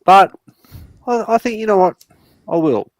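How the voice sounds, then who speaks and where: An Australian man with a fairly high voice who rambles through a casual panel chat. He swears heavily and talks himself down. The sound is close and dry, with no room in it. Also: animated, unhurried, no echo. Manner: rambling, heavy swearing, self-deprecating. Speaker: panel guest.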